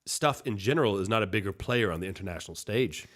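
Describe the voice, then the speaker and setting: A man's voice: fairly low pitch, quick pace. A young man co-hosting a podcast, rambling and swearing casually as he tells stories. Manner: profane, rambling, animated storytelling. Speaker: podcast co-host. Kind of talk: casual chat.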